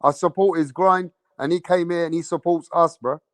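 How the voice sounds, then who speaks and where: The studio-quality recording, free of room sound, captures a steady, slightly high voice at a moderate pace. It's a brash boxing channel host from London who uses slang, swears, repeats himself, and calls out questions to his livestream chat before waiting for answers.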